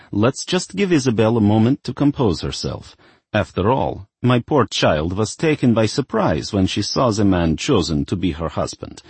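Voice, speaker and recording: A man voicing a scheming middle-aged mother who smooths things over in a coaxing, arch way. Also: on the low side, darkish tone, no echo, voice pushed up, full character voice. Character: scheming woman, the bride's mother, smooth talker.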